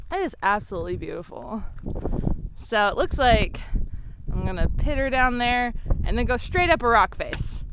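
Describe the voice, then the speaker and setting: Lively woman hiker vlogging in loud wind. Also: on the high side, moderate pace. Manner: chatty and exclamatory, dropping to nervous whispers. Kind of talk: casual trail vlog. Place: outdoors on a rocky mountain trail. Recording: loud wind noise outdoors.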